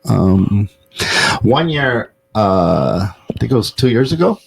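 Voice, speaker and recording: Gravelly low-voiced man telling stories. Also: very animated, slow pace, rough recording. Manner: loose, profane storytelling with many fillers. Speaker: podcast host. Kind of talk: casual podcast chat.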